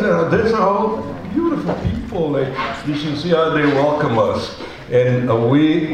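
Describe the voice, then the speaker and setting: A man's voice: medium pitch, distant mic, noisy background. Fiery Puerto Rican man at a rally. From Puerto Rico. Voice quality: fiery, emphatic, halting with fillers. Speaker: rally speaker, medical volunteer. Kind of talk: impassioned protest speech and poem reading. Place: outdoor protest rally. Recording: very echoey live rally sound.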